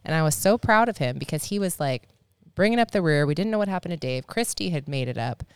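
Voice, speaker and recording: A woman, a podcast guest, chatting casually and telling a story with animated delivery, casual swearing and acted-out quotes. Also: deep voice, fast, clear, resonant tone, no echo, clean studio sound. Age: adult, married.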